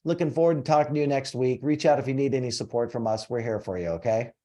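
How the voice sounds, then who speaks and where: A man in his forties hosting a casual group coaching call, telling stories with animated energy. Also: mid-range voice, fast talker. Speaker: host and coach.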